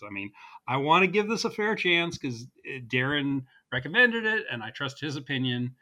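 A man co-hosting a casual movie review podcast, talking in a relaxed, rambling way. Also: mid-range voice, a little fast. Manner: relaxed, rambling, laughs easily. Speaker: podcast co-host.

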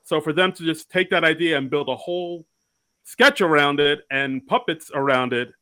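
Bright-voiced excitable man. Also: fairly high pitch, normal speed. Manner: enthusiastic, excitable. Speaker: podcast co-host. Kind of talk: casual chat.

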